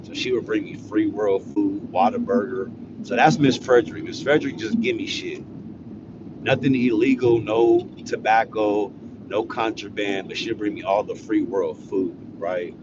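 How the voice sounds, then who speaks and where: Low-voiced man telling a slangy story. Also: fairly even intonation, normal speed, highs cut off, noisy background. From California. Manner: slangy, profane, laid-back. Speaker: storyteller vlogger. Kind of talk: casual storytelling.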